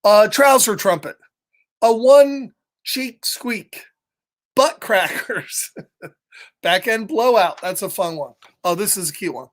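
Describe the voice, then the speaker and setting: A man's voice: high voice, takes it slowly. A man reading a picture book aloud to children, playful and chatty, chuckling often and greeting listeners by name. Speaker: children's storytime reader.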